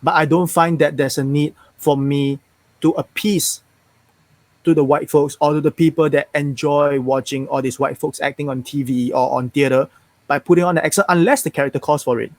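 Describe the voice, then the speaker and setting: Appearing as a guest actor in a casual interview, this young man is a Mandarin native speaker with a neutral Singaporean English accent. His voice sits on the high side at normal speed, with no room sound, and he comes across frank and animated, restarting often.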